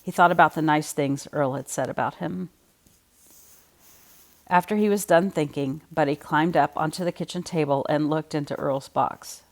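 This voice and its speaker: Low-voiced woman reading a children's story. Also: normal speed. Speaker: storybook reader. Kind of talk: reading a children's picture book aloud.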